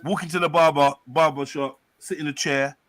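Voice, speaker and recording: Man, teasing panelist, bright voice, slightly high. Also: fairly even intonation, normal speed, no room sound, low-quality recording. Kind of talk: casual chat.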